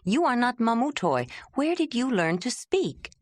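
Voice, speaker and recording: A woman voicing a brisk, commanding female camp leader in an audiobook. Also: fairly high pitch, big pitch swings, no echo, clean studio sound, voice pushed up.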